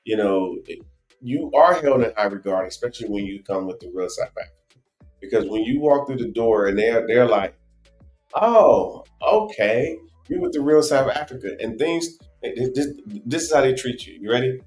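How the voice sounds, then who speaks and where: A man with a New Jersey accent co-hosting a casual travel live stream, rambling and animated with lots of restarts. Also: lowish voice, brisk, reverberant, soft background music. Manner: animated, rambling, many restarts and "you know". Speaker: travel show co-host.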